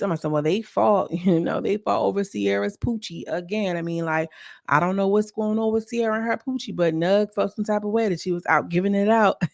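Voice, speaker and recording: Chatty woman with a gravelly voice. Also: mid-range voice, no room sound, studio quality. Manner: chatty and animated, acts out cast members' lines. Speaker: reality TV recap vlogger. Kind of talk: casual episode recap.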